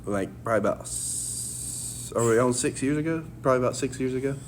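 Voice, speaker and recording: A man's voice: medium pitch, fairly quick, a little hiss or hum. A young man co-hosting a podcast in casual, jokey chat, rambling and laughing often. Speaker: podcast co-host.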